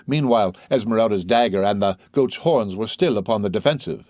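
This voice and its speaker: A man narrating a classic novel as an audiobook reader, with a measured, expressive reading. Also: on the low side, no room sound, clean studio sound.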